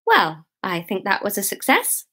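A woman's voice: medium pitch, huge pitch swings, moderate pace, fairly bright tone, slightly rough, exaggerated voice. A fussy, hopeful village vicar, polite and eager and a little flustered, as a woman reads his lines aloud from her book. He sounds like a character in a storybook.

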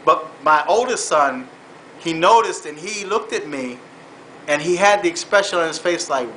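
A man with a fairly high, forceful voice tells his story in an earnest, halting way, often repeating words and saying "man". It is a personal vlog that shifts toward faith-based exhortation. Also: expressive, a little hiss or hum, low-quality recording. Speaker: vlogger.

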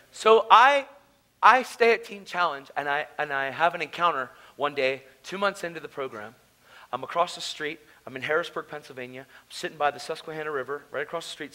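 Sharing his own testimony from a conference stage, this preacher moves between quiet narration and loud, emotional shouting. His voice runs a little high, and the recording is rough.

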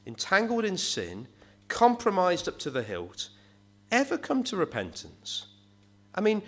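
Earnest preacher with lively pitch. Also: male voice. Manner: earnest, asks rhetorical tag questions. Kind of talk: sermon.

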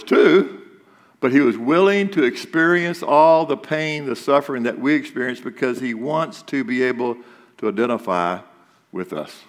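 A man's voice: mid-range voice, big-room sound. A male pastor giving a sermon, talking conversationally and asking the congregation rhetorical questions. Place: church sanctuary.

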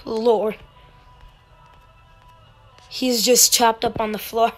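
A woman's voice: on the high side, level tone, very slow, faint music behind. A woman giving casual gameplay commentary, playful, making beeping sound effects and dropping whispered asides.

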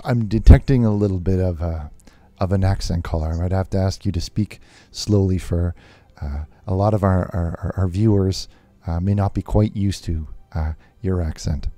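A man playing a nervous televangelist host on a call-in show, talking haltingly with many fillers and restarts. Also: low voice, mellow, dry recording, soft background music, natural voice. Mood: flustered.

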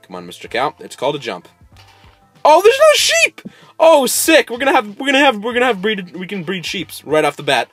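A man giving casual let's-play commentary, coaxing animals and bursting into sudden excited squeals. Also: high voice, a little fast, slightly rough, no room sound, soft background music. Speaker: gameplay host.

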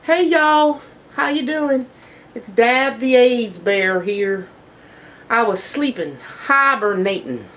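A squeaky falsetto teddy bear, drowsy from hibernating but playful. He drawls in a slangy, sing-song way and teases his owner. The voice sits far above a deep speaking voice. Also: lively intonation, takes it slowly, fairly bright tone, a little hiss or hum, heavily acted.

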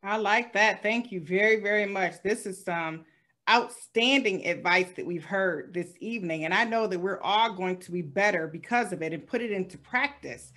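A woman's voice: medium pitch, normal speed, fairly bright tone. A woman hosting a talk show, thanking speakers and formally introducing the next guest. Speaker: host.

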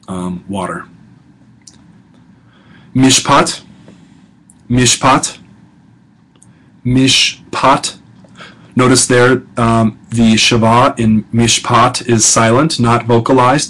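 A male professor giving a recorded lecture, talking conversationally, repeating each vocabulary word slowly and adding casual asides. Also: medium pitch, fairly even intonation, a bit bright, rough recording.

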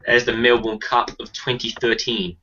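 A man hosting a casual panel chat, brisk and teasing. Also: mid-range voice, level tone, pushed and bright. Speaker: host. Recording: muffled audio with faint hiss.

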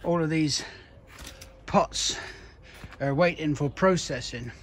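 A man's voice: on the high side, slow. A man who runs a plant nursery, chatting casually and bluntly, swearing freely as he works outdoors. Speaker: nursery owner. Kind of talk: casual chat. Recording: noisy outdoor recording.

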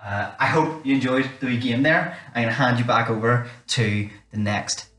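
A man's voice: medium pitch, fairly even intonation, normal speed, fairly bright tone. A man leading a children's church game, chatty and giving instructions. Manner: chatty, instructional, repeats "wee". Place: dark church hall. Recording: echoey room, mic far off.

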